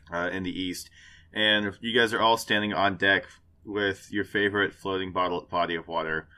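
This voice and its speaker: A man running a tabletop game in a bright, forward voice. He narrates in a loose, rambling way, full of fillers. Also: on the low side, smooth. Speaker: game master.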